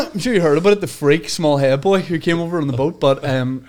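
A man in his thirties, a guest comedian from Ireland, telling animated anecdotes in a casual podcast chat, swearing freely. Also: on the high side, fairly quick. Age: 30s. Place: podcast studio.

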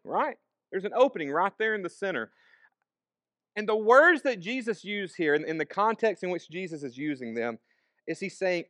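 A man's voice: high voice, a bit bright, dry recording. A man preaching a sermon, reading scripture aloud and then explaining it in an easygoing, conversational way. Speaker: pastor.

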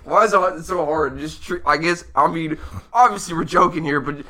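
A man's voice: fairly high pitch, normal speed, bright, forceful tone, a little hiss or hum. A young man co-hosting a podcast, joking in casual banter, laughing often and swearing freely. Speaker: podcast co-host. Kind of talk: casual chat.

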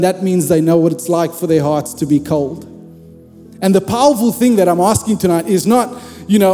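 A man's voice: sits high, expressive, moderate pace, mellow, long reverb tail, soft background music. A man preaching a sermon in a conversational, humorous way, speaking directly to his congregation.

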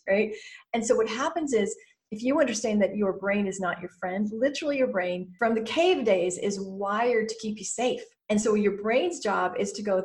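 A middle-aged woman, a podcast guest who mentors business owners, talking lively and acting out inner voices. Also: mid-range voice, brisk. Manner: animated, acts out inner voices in quotes. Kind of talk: podcast interview.

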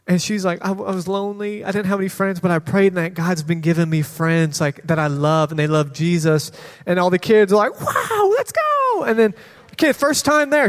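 A man speaking as a children's pastor in a church, telling lively stories with quoted kids' voices and bursts of laughter. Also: a little high. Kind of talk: sermon testimony. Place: church sanctuary. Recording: long hall reverb.

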